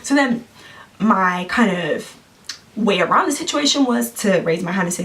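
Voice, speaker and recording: Animated woman telling a story. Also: medium pitch, moderate pace, far from the mic. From London, England. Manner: animated, acts out quoted voices. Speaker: vlogger. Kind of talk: casual storytelling to camera.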